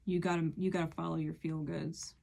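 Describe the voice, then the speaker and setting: A woman's voice: sits low, level tone, fairly quick, vocal fry, darkish tone. Earnest woman giving a tarot reading. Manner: earnest, emphatic, repeats phrases. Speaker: tarot reader.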